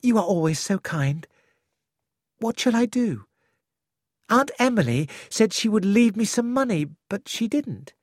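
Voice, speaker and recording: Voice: mid-range voice, very animated, unhurried, pauses often, no room sound, studio quality, voice pushed up. A reader voicing a troubled, sweet young woman, pleading and emotional, in an audiobook. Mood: worried. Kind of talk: audiobook character voice.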